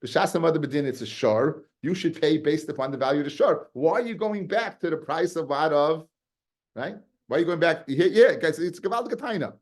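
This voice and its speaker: Man, talmud teacher, casual class, animated, repeats himself. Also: a little high, brisk. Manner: animated, repeats words while explaining.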